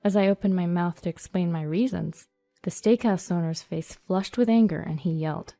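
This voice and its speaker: A woman narrating a first-person story in an even, storytelling read. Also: fairly low pitch, moderate pace, dry recording. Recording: dry studio voice-over over soft music.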